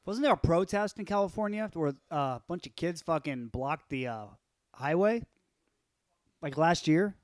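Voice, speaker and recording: In a relaxed podcast conversation, this male co-host rambles through stories, swearing freely and coughing slightly. He sounds animated, with a fairly high voice at normal speed and no room sound.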